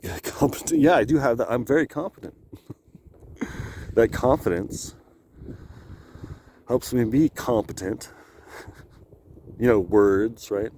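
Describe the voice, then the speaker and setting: A man's voice: medium pitch, takes it slowly, long pauses, a little mellow, slight background noise. Rambling man vlogging outdoors in the cold. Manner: rambling, laughs often, self-talk. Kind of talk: casual rambling vlog. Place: outdoors on a high lookout, cold.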